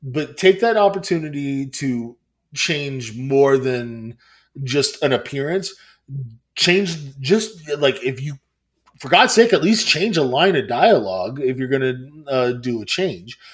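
A man's voice: mid-range voice, expressive, measured pace. Casual male podcast co-host in his thirties who rambles, restarts and swears.

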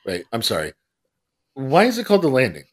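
A man co-hosting a chatty podcast, full of wry, grumbling complaints that he plays up for laughs. His voice swings widely in pitch as he talks, leaning on exaggeration and mock outrage. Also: wildly swooping pitch, a little fast, breathy edge. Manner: sardonic, complaining, playfully exaggerated. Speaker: podcast co-host. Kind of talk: casual chat.

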